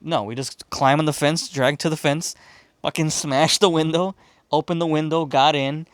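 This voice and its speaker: A man's voice: fairly high pitch, steady tone, normal speed, clean tone, dry recording, clean studio sound. A man from Chicago hosting a podcast, telling a story casually and profanely, rambling and laughing as he goes. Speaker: podcast host.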